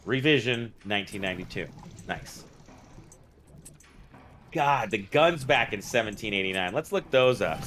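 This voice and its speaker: A man's voice: fairly low pitch, lively intonation, moderate pace, pauses often, fairly bright tone, a little hiss or hum. A man co-hosting a game livestream, chatting in a rambling, jokey way and swearing freely. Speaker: game streamer co-host. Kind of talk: casual gaming livestream chat.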